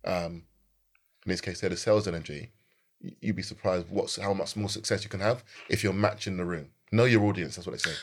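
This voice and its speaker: Male founder as interview guest, quick, low register, lively storyteller. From England. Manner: animated anecdotes, plays quoted voices, laughs easily.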